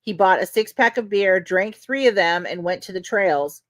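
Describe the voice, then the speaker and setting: A woman retelling court testimony in a loose, chatty way, often using "like" and "you know" as she goes. Her voice sits at a medium pitch and sounds dry and close, with no room echo. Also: animated, normal speed. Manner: conversational, many fillers like "you know". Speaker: podcast host. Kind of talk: casual recap of trial testimony.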